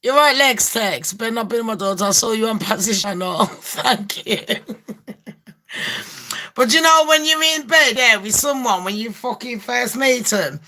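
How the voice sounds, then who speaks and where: A woman's voice: on the high side, lively intonation, a little slow, bright, forceful tone. A woman ranting in a casual gossip vlog, brash and full of swearing, laughing often. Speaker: gossip vlogger.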